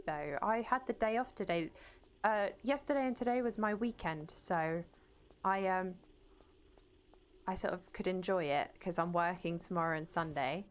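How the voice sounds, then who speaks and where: A woman's voice: mid-range voice, lively intonation, moderate pace. A woman streaming a game from home without a webcam, chatting casually and reading out and greeting her viewers. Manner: chatty, greets viewers and reads chat aloud. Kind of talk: casual live-stream chat while gaming. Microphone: desk mic, no webcam.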